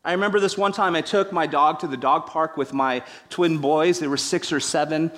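Animated, self-deprecating male pastor preaching. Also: fairly high pitch, normal speed. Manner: animated storytelling with acted-out quotes. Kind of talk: sermon.

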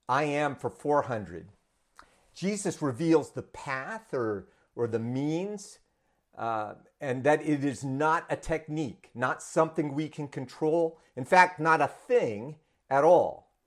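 A man's voice: medium pitch, animated, takes it slowly. A man preaching a sermon run as a quiz game for an online congregation, conversational with frequent fillers and restarts. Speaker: pastor. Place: church congregation in Vancouver.

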